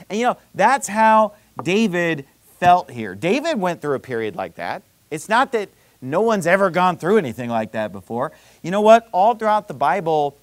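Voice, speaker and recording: A man's voice: fairly high pitch, no echo. A man preaching a sermon, reading scripture aloud and explaining it with emphatic, rising intensity. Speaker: pastor.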